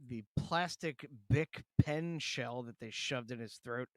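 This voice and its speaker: A man's voice: mid-range voice, a little slow, fairly bright tone, dry recording. Dry-voiced man retelling a movie, laughing. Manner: swears freely, laughs often, mocks movie lines. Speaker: podcast co-host. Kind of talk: casual chat.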